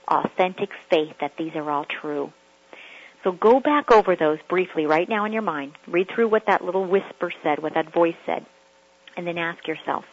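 A woman's voice: fairly low pitch, slightly rough, muffled recording. A woman working as a personal coach, giving an earnest motivational talk that repeats rhetorical questions.

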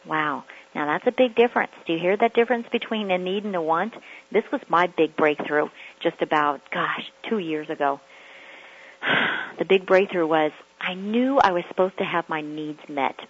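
A woman's voice: on the low side, normal speed, slightly rough, dull audio. A woman working as a personal coach, giving an earnest motivational talk that repeats rhetorical questions.

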